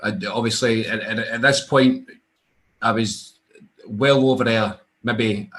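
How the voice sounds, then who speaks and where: A man's voice: lowish voice, steady tone, slow pace, a bit bright. A young Scottish man, a wrestler, casually telling rambling anecdotes in an interview, with many restarts and laughs. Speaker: wrestler guest.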